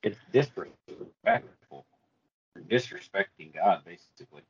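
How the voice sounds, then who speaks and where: A man's voice: low voice, expressive, unhurried, breathy edge, highs cut off. A man co-teaching a Bible class, adding brief, blunt remarks.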